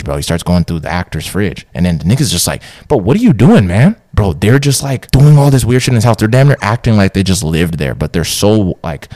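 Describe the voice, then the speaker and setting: A young man tells a story on a podcast in slangy, animated talk, jumping into the voices of the people in it. His voice sits very low and runs fast. The sound is close and dry. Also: no echo. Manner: slangy, animated, acts out quotes. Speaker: podcast co-host. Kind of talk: casual chat, storytelling.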